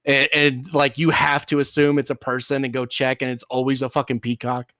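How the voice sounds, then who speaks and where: A man's voice: medium pitch, little pitch movement, a little fast, pushed and bright, dry recording. Dry-sounding man rambling casually. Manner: rambling, restarts, swears casually. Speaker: streamer host. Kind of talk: casual chat.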